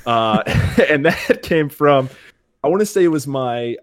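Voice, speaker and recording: A man's voice: medium pitch, lively intonation, measured pace, no room sound, clean studio sound. A young man, a streamer and podcast guest, telling a long story in casual chat, rambling and self-mocking, acting out what others said. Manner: rambling, self-mocking, acts out quoted voices.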